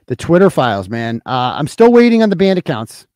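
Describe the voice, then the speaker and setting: A man's voice: a little high, big pitch swings, brisk, darkish tone, dry recording, studio quality. A man in his forties from Massachusetts, hosting a casual livestream, reading chat and ranting with lots of swearing and sarcasm. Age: 40s. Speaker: host.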